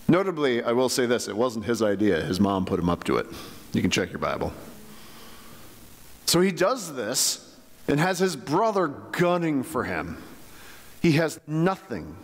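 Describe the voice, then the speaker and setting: A man's voice: mid-range voice, sing-song, measured pace, pauses often, big-room sound. A man preaching a sermon as pastor, in a conversational way full of rhetorical questions. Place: church sanctuary.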